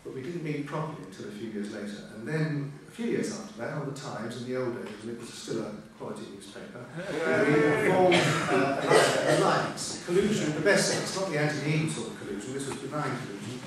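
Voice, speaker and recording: Wry man introducing in an echoey hall. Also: medium pitch. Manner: anecdotal, wry, digressive. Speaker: event chair. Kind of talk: after-dinner introduction speech. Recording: echoey hall from far off, room noise.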